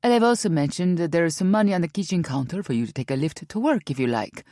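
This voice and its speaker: A woman voicing a calm, polite female housekeeper with a Brazilian accent, formal and composed. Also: on the low side, quick pace, no echo, studio quality, natural voice.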